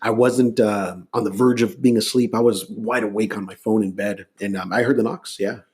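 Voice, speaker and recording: A middle-aged man from Los Angeles, a musician, telling stories in a relaxed, casual interview. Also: on the low side, normal speed. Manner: relaxed storyteller, many fillers and restarts. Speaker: guest musician.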